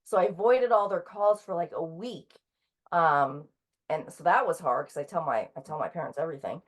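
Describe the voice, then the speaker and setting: Soft-spoken woman with lots of ums. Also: low voice, expressive. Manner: halting, lots of ums and restarts. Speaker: author and guest. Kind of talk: casual interview conversation.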